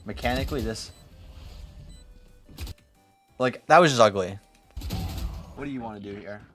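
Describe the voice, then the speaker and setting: A man's voice: on the low side, moderate pace, a bit bright, soft background music. A young man giving blunt, profane, teasing critique as he coaches a player over a live stream. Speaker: game coach.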